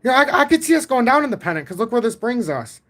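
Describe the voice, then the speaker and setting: A man in his forties hosting a casual livestream about crypto charts, talking in an excitable, rambling way from home. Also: very high-pitched, quick pace. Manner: rambling, excitable, self-taught trader talk.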